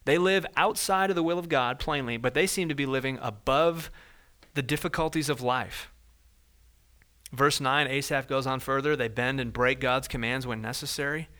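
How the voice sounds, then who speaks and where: A man preaching a sermon in a conversational way, walking through verses and acting out everyday scenes in lively voices. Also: mid-range voice, moderate pace. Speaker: pastor.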